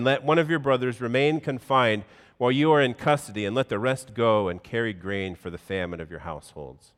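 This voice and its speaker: A pastor reading scripture aloud in a measured, solemn way, then preaching a sermon in a church. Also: male voice, medium pitch, a bit bright. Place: church sanctuary. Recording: long hall reverb.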